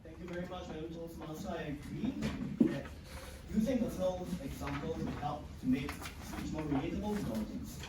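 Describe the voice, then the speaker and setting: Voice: medium pitch, a little fast. Host handing over to the next speaker, formal, far off and echoey, loads of noise. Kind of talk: introducing speakers at a meeting. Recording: echoey, distant, very noisy audio.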